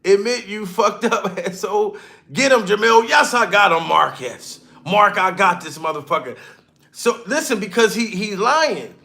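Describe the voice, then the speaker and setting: A man giving a loud, rowdy, profane comedy reaction commentary, laughing and swearing as he rants. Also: high-pitched, expressive, a little slow, creaky.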